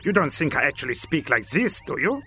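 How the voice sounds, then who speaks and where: Brief: pompous comedy professor, bright lively voice , played by a man. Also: fairly high pitch, brisk, faint music behind. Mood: boastful. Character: pompous male professor, smooth inventor. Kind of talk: comedy sketch acting.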